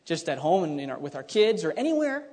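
A man preaching a sermon, animated and dramatic, acting out the lines he reads. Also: on the high side, fast talker. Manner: animated, acts out scripture voices, many restarts. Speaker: pastor. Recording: long hall reverb.

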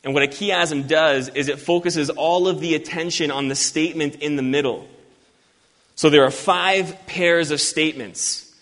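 A man's voice: on the high side, fairly even intonation, a bit bright. Man preaching in a reverberant hall. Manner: earnest, emphatic, reads scripture slowly. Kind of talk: expository sermon.

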